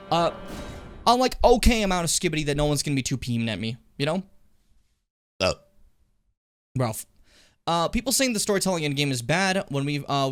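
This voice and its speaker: A man streaming a game, chatting casually and ranting with lots of swearing, loud one moment and muttering the next. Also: on the high side. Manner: animated, swearing, ranting loudly then muttering. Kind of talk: casual gaming stream chat and rant.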